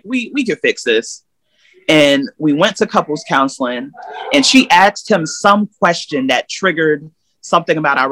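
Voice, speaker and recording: A woman's voice: low-pitched, a bit bright, no room sound. Woman podcast guest, candid and emphatic, talking casually on a dry, close mic. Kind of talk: casual interview.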